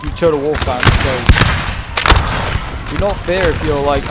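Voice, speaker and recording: A man casually commentating a strategy-game battle, chatty and excitable with lots of fillers. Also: a little high, normal speed, pauses often, very noisy. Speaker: gameplay commentator. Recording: loud gunfire and artillery from the game. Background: battle sounds, cannon and musket fire.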